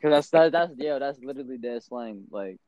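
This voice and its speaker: A man co-hosting a casual wrestling podcast, slangy and agreeable, chiming in quickly. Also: medium pitch, animated. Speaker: podcast co-host. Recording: dull muffled dry audio.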